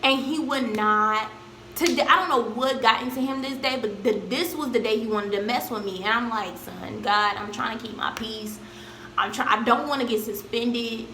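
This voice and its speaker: A young woman tells a story to her camera in a loose, slangy way and belts out the quoted lines. Her voice sits a little high and sounds bright and forceful. The room around her rings with echo. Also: normal speed, slight background noise. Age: young adult. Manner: animated, slangy storytelling with loud acted-out quotes. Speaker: vlogger. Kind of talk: storytime vlog.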